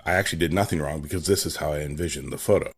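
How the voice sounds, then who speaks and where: A man hosting a podcast, talking in a relaxed, conversational way with filler ums as he asks his guest questions. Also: rumbling low, rapid-fire, breathy edge. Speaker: podcast host. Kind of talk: casual interview conversation.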